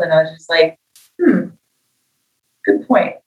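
Lowish voice, woman musician telling stories in an interview, sounds kinda far from the mic, echoey room. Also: moderate pace. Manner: animated storyteller, acts out quoted dialogue. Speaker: guest musician. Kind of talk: casual interview talk.

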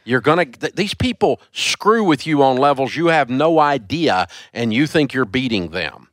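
A man's voice: mid-range voice, lively intonation, moderate pace, few pauses, no echo, clean studio sound. A man hosting a call-in radio show, blunt and emphatic as he rants at a caller.

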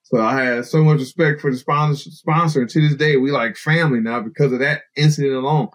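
On a podcast, a man who fights and bowhunts tells stories in a loose, casual way, acting out the people he quotes with lots of animation. His voice is medium-pitched and brisk, and the audio quality is poor.

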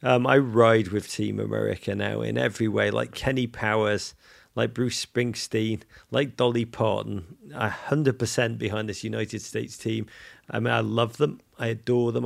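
A man with an English accent co-hosting a casual podcast, talking in an animated, effusive way with frequent restarts. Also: fairly low pitch, moderate pace, gravelly. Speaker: podcast co-host.

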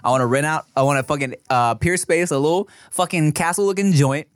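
A man's voice: a little high, brisk, no room sound, studio quality. A young man co-hosting a casual podcast, telling stories in a loose, profane way and laughing often. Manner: laughs often, swears freely, animated storytelling. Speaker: podcast co-host.

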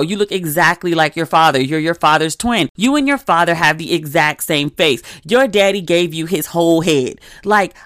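A young adult woman hosting a podcast, telling stories in casual, animated chat with frequent asides. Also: on the low side, dry recording, clean studio sound. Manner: animated, conversational storytelling with asides. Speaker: podcast host.

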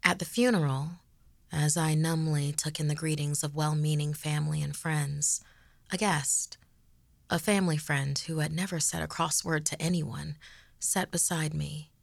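A woman narrating a horror story in a hushed, half-whispered delivery as host. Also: sits low, steady tone, normal speed, vocal fry, dry recording. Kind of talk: scripted narration.

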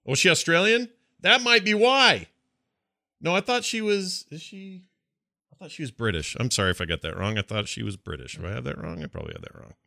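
A man's voice: on the high side, fairly quick, vocal fry, no echo, clean studio sound. A man co-hosting a podcast in casual, joking chat. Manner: animated, chatty, joking. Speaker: podcast co-host.

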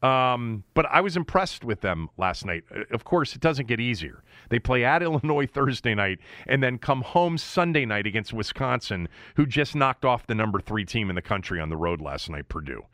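Animated ranting sports talk man. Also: mid-range voice, moderate pace, hardly any pauses, no echo, studio quality. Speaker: sports radio co-host.

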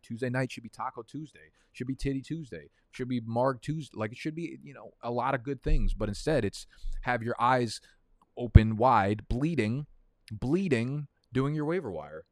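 A man's voice: mid-range voice, no room sound, studio quality. A young man casually chatting and rambling, profane and prone to tangents, while hosting a fantasy football draft stream. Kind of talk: casual livestream chat.

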